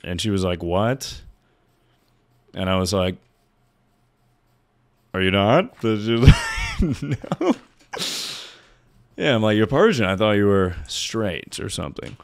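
A man streaming live, chatting casually with his viewers in a rambling, joking way with plenty of swearing. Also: fairly low pitch. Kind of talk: casual livestream chat.

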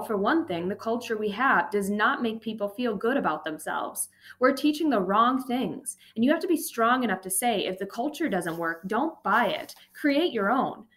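A woman reading an audiobook and voicing an old, dying male professor who speaks gently and accepts his fate. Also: mid-range voice, lightly acted. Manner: gentle, measured, unhurried. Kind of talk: audiobook narration.

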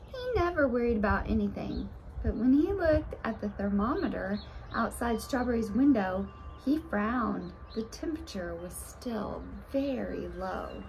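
A woman reading a children's storybook aloud in an expressive, sing-song way. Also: fairly high pitch. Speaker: storybook reader.

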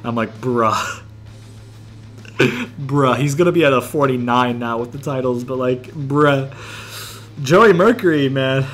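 A man's voice: medium pitch, unhurried, a bit bright. A man giving casual, rambling gameplay commentary, thinking aloud and swearing freely. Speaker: gaming YouTuber.

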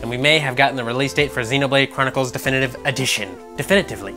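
A man's voice: mid-range voice, fairly even intonation, racing. A man hosting a gaming news vlog, ranting with sarcastic, profane exasperation. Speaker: gaming channel host. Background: background music.

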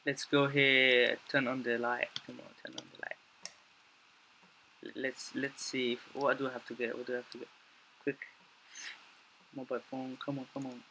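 Young guy talking over his game, bright voice, keeps repeating himself and freaking out, lots of cursing. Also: medium pitch, little pitch movement, normal speed, pauses often, a little hiss or hum. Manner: jumpy, panicky reactions with frequent swearing and repeated phrases; mutters to himself, stammering restarts. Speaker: gaming YouTuber. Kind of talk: gameplay commentary.

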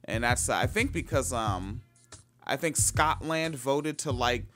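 Man, podcast host, stumbling reading, lots of fillers, swearing asides, mid-range voice, soft music underneath. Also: medium pitch, expressive. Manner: halting, filler-heavy reading with sudden loud asides. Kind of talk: reading an article aloud with profane commentary.

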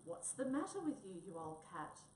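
A woman voicing a gentle, anxious male wombat who talks earnestly, recorded from a distance in a roomy space. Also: mid-range voice, sing-song, moderate pace, a little hiss or hum, lightly acted. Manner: fretful, earnest. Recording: roomy, distant mic, faint ambience.

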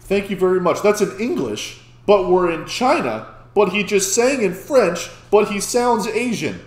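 A man hosting a casual reaction video, excitable and often stammering and restarting mid-sentence. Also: high-pitched, measured pace. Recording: echoey room.

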